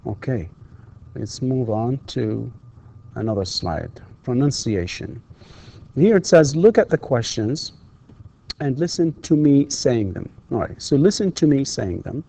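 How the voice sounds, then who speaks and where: Slow, mellow-voiced man teaching English grammar. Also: medium pitch, big pitch swings, vocal fry. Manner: patient, models example sentences with exaggerated rising intonation; slips briefly into Arabic to instruct students. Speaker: English instructor. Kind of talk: slow recorded lecture over slides. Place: university distance-learning studio.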